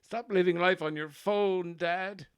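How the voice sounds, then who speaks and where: A man's voice: high voice, steady tone, unhurried, clear, resonant tone, voice pushed up. A man putting on a scolding baby boy with a rural Offaly farmer's accent. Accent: rural Irish, Offaly. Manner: scolding, preachy.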